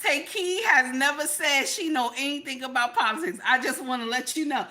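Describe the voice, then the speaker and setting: A woman's voice: high voice, normal speed, bright, forceful tone. A woman vlogger chatting casually on a live stream, repeating herself and talking straight to her chat viewers. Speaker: vlogger reacting to videos and chat.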